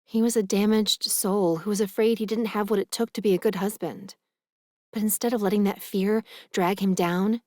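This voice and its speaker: A woman narrating a romance audiobook in the first person, earnest and gentle. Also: mid-range voice, no room sound, clean studio sound.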